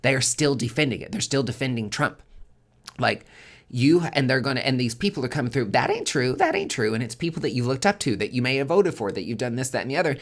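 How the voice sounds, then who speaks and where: Guy doing a tarot forecast, cusses a ton, keeps hammering the same point, middle pitch. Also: fast talker. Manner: heavy swearing, emphatic and repetitive. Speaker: tarot reader hosting a monthly forecast. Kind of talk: casual spoken forecast monologue.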